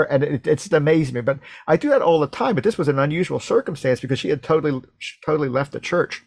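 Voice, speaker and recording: Halting, dry-sounding male radio host. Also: a little high, lively intonation, gravelly, no room sound. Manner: halting, repeats words and restarts often. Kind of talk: conversational storytelling interview.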